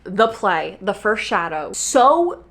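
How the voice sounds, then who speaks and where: A woman's voice: mid-range voice, sing-song, slow, a bit bright. A young woman in her twenties chatting casually in a vlog, gushing and playful, swearing freely and poking fun at herself. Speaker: vlogger. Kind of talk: casual chat. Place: New York.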